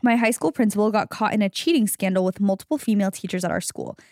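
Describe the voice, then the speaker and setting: A woman's voice: mid-range voice, fast talker, a little mellow, dry recording, clean studio sound. A young woman co-hosting a casual chat podcast who reacts sympathetically and shares her own stories. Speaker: podcast co-host.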